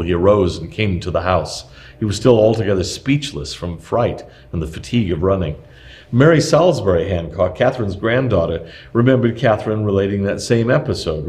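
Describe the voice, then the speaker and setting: A man narrating a nonfiction history text aloud, reading at a measured, even pace. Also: lowish voice.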